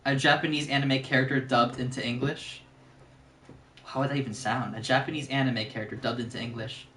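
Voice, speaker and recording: A man's voice: medium pitch, fairly even intonation, brisk, fairly bright tone, a little hiss or hum. A man streaming a game, chatting casually, laughing often and breaking into silly voices. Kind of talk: casual chat while gaming. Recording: roomy echoey room.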